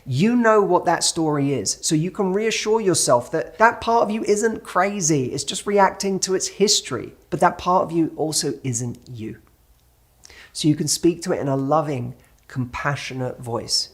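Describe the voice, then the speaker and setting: A dating coach in his thirties talks the listener through handling anxious thoughts, with an earnest and encouraging tone. His voice sits a little high for a man. He slips into gentle acted-out inner dialogue as he coaches. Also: expressive, normal speed. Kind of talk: motivational talk to camera.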